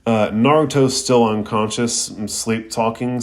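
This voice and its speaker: Young man, anime reviewer, casual podcast recap, slangy, laid-back, lowish voice. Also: unhurried, darkish tone.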